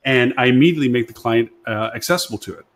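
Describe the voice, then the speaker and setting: A man speaks fast in a medium-pitched voice as a panelist on a live web show. He's an agency consultant who chats casually and rambles, often going over the same points and retelling conversations.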